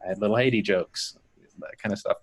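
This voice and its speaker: A man's voice: on the low side, brisk. Male podcast host, easygoing and reflective, overthinks on mic. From Miami area comedy scene. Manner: reflective, rambling, overthinks aloud. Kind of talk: casual chat.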